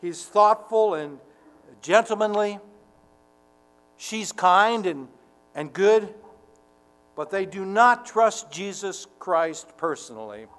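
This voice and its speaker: A man preaching a sermon to his congregation, earnest and deliberate, rising to fervent emphasis. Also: sits high, fairly bright tone, in a large hall. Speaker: pastor.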